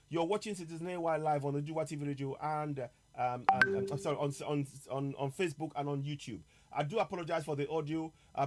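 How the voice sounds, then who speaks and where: High-voiced emphatic male host. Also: rough recording. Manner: emphatic, repeats key points slowly. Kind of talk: live political talk broadcast.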